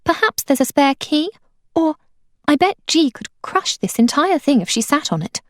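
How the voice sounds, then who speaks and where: A proud, quick-tempered teenage girl from a storybook, her voice pitched high and sharp, as a woman reader puts her on. She clips her words impatiently, with lots of rise and fall. The sound is dry and close. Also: very animated, no echo.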